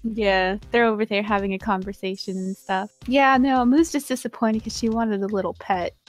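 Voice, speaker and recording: A woman's voice: mid-range voice, steady tone, moderate pace. A woman playing a tabletop role-playing game, speaking with prim, mock-genteel manners in character. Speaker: player.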